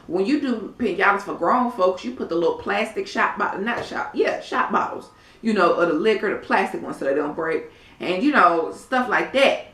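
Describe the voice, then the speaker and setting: In this casual recap vlog, a woman with a bright, forceful, mid-range voice runs through a reality show, mimicking what cast members said in a sassy, blunt, profane style. The sound is echoey, with her far from the mic.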